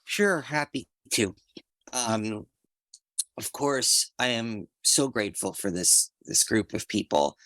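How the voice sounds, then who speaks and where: A man's voice: lowish voice, animated, slow, fairly bright tone, no echo. A man in a recovery group who talks in a gushing, repetitive way, heard over a video call. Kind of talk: group sharing.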